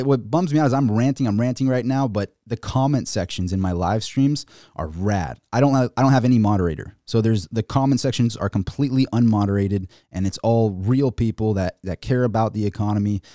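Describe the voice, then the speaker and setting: A man hosting a casual livestream and ranting about the markets, excitable and rambling, with many restarts. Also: lowish voice, no room sound, studio quality. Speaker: finance YouTuber.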